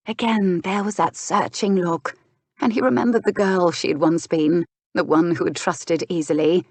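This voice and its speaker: Romance audiobook narrator, woman, lower voice, measured and unhurried, dry close mic. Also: steady tone, a little mellow, no room sound.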